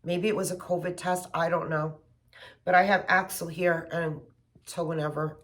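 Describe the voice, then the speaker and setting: A middle-aged woman chatting casually and gushing with excitement as she unboxes gifts for her vlog. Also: on the low side, moderate pace. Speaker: home fragrance vlogger.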